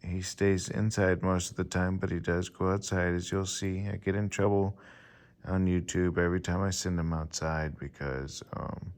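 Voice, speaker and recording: A man in his forties casually telling a rambling personal story to his channel, with many pauses and fillers. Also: low voice, flat delivery, darkish tone. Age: 40s. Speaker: vlogger.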